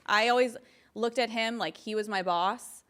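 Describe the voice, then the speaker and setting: A woman in her thirties, a guest in a casual interview, telling animated stories with lots of laughter and acted-out quotes. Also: on the high side, moderate pace. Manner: giggly, animated, quotes others in voices.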